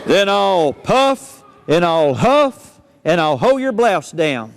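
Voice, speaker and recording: Man voicing a big bad wolf, deep growl, slow, long hall echo. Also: big pitch swings, gravelly, some chatter behind, a little hiss or hum, heavily acted. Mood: menacing.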